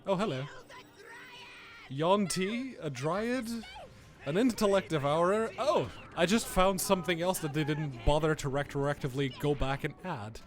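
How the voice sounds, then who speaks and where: Host, male, young adult: casual live gameplay commentary, chatty, frequent laughter, slightly raised pitch. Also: measured pace. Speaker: streamer host.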